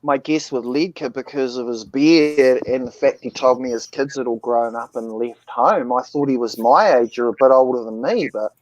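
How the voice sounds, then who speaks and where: A man's voice: mid-range voice, moderate pace, few pauses, a little mellow, no room sound. A man in his forties chatting casually over a phone call, rambling and hesitant. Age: 40s. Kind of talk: casual chat.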